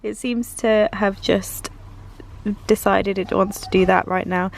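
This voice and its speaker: A woman's voice: medium pitch, fairly even intonation, unhurried, gravelly, a little hiss or hum, rough recording. A young woman vlogging casually at home and in the garden, chatty and upbeat, laughing often as she talks to the camera. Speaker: vlogger and mother. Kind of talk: casual home vlog chat.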